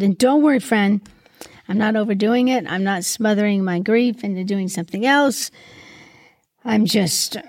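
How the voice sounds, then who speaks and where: A middle-aged woman hosting a reflective Christian podcast, asking gentle questions in an earnest way, sometimes choked up with grief. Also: medium pitch, vocal fry, no echo, studio quality. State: grieving, occasionally choked up. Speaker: podcast host and Christian mentor. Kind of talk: reflective solo podcast monologue.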